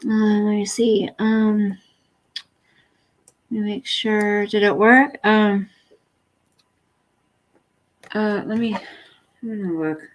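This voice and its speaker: A woman's voice: medium pitch, steady tone, slow, pauses often. A woman hosting a casual livestream from home at night, chatty and apologetic, cooing at her pet in between. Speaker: livestream host.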